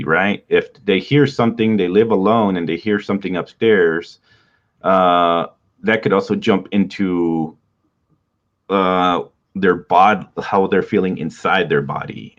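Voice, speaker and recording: A man hosting a writing podcast, explaining in a relaxed, rambling teaching talk with frequent small laughs and a stuffy nose. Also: sits low. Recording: dull lo-fi sound.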